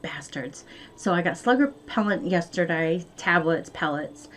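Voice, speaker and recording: A woman's voice: fairly low pitch, lively intonation, moderate pace, background noise. A woman vlogging from home in a rambling, chatty way, full of fillers. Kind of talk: casual chat to camera.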